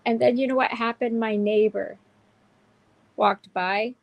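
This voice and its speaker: A woman's voice: a little high, steady tone, measured pace, creaky, no room sound, low-quality recording. A woman hosting a candid livestream chat, speaking in a heartfelt, emotional way with many restarts. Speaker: show host.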